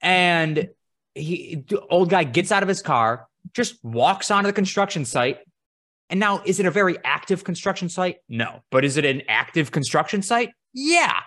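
A woman co-hosting a podcast in casual chat, teasing her co-host and chiming in with quick reactions. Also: lowish voice, animated, a bit bright.

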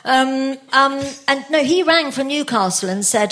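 A woman's voice: high voice, moderate pace, few pauses, a bit bright. An older woman chats as a guest, spinning self-mocking anecdotes. She talks freely and breaks into laughter often. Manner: chatty, self-mocking storytelling with frequent laughs. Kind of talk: casual chat.

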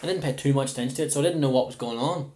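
A man hosting a football podcast at a brisk clip. His voice sits at an ordinary middle pitch. He gets animated and laughs easily as he chats. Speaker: podcast host. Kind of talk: casual football podcast chat.

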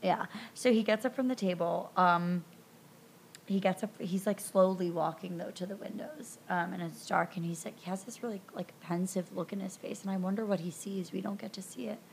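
Host: woman with a mid-range voice, chatty and animated, telling a story to a friend. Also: mid-range voice, moderate pace, creaky, slight background noise. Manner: chatty, lots of ums and likes, animated retelling. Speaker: podcast host recapping a film. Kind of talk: casual recap narration.

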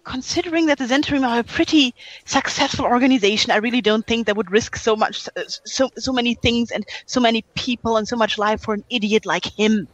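A woman with a very high, husky voice speaking up as a tabletop player, blunt and incredulous. Her voice sounds close and dry, with faint music behind her. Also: brisk, no room sound, muffled recording. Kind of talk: casual tabletop game play.

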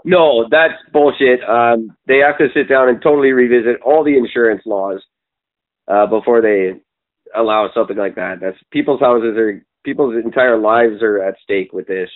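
A man's voice: medium pitch, normal speed. A Canadian man co-hosting a podcast, talking politics in an opinionated, profane, rambling way with many ums. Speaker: podcast co-host. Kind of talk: casual political chat. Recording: tinny phone-like sound.

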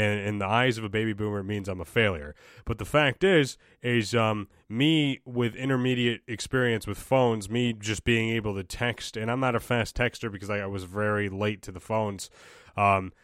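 A man's voice: fairly low pitch, moderate pace, a bit bright, clean tone, no room sound, clean studio sound. A young man hosting a solo podcast, ranting casually with profanity, exasperation and frequent restarts. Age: young adult. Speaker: podcast host.

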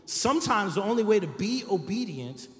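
Man, pastor, sermon, high voice, conversational, keeps asking "right?", echoey church hall, long reverb. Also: sing-song, moderate pace, fairly bright tone. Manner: conversational preaching with frequent "right?" asides. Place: church sanctuary.

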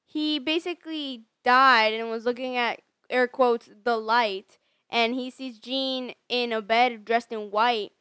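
Woman chatting about a movie, a bit high voice, smooth and clear, dry sound. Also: fairly even intonation, takes it slowly, pushed and bright, no room sound. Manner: chatty, fills in plot details. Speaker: movie recap co-host. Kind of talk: casual chat.

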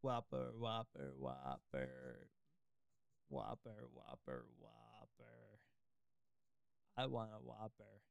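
A podcast co-host putting on a whiny customer who pleads over and over for one burger. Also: male voice, big pitch swings, slow pace, gravelly, pauses often, clear, resonant tone, no echo, studio quality, exaggerated voice. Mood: whiny pleading. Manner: repetitive pleading, pitch jumping around.

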